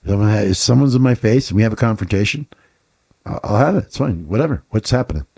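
A man's voice: lowish voice, lively intonation, quick pace, creaky, darkish tone, husky. A man co-hosting a podcast, talking bluntly and swearing often, firing off rhetorical questions in casual talk. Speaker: podcast co-host.

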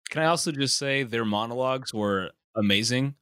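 A man co-hosting a casual movie podcast, relaxed and playful. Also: medium pitch, a little fast, smooth, dry recording, clean studio sound. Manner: casual, playful, acts out quotes. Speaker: podcast co-host.

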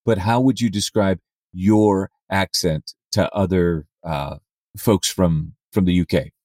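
Deep-voiced male podcast host, dry sound. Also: steady tone, slow pace, dry recording. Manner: enthusiastic, warm introductions. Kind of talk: interview hosting.

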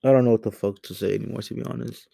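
A young man giving a heated, profane rant into a home microphone, swinging between loud outbursts and low muttering. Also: fairly even intonation, racing, creaky, husky, no echo. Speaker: commentary host. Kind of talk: angry ranting commentary.

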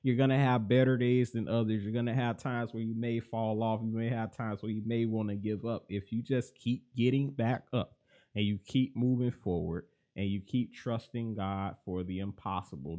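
A young man hosting a podcast, talking through faith and life in a mostly even, monotone way that livens up now and then. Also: lowish voice. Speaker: podcast host and life coach. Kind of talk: reflective faith podcast monologue.

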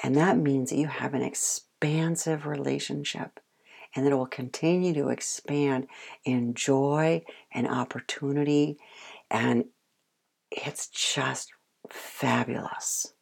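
A woman giving a dog-training lesson, animated, acting out praise and the dog's thoughts. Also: very deep voice, a little slow, gravelly, husky. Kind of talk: instructional talk.

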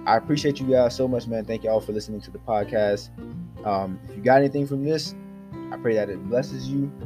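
A man's voice: mid-range voice, fairly quick, music in the background. A man hosting a devotional podcast, earnestly exhorting his listeners and addressing them directly. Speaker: podcast host.

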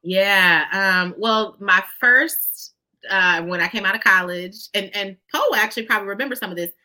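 Bright-voiced woman telling stories. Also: medium pitch, normal speed. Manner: expressive, folksy, addresses listeners as "y'all". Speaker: guest. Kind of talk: conversational storytelling.

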